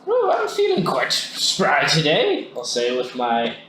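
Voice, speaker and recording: High, lively male tabletop player. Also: takes it slowly, a little hiss or hum. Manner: playful, jokey. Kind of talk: in-character tabletop play. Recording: echoey room recording.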